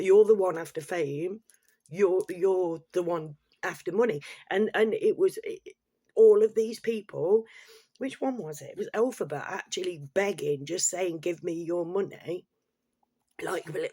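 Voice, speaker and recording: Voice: mid-range voice, creaky, darkish tone, slightly rough, no echo, clean studio sound. A middle-aged vlogger, ranting bluntly and rambling with plenty of swearing. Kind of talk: casual opinion rant to camera.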